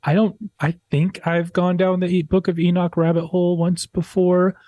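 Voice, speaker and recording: A man co-hosting a casual livestream, speaking in a low-key, dry way with hesitant ums. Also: level tone, moderate pace, dark tone, dry recording. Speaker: co-host. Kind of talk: casual live chat.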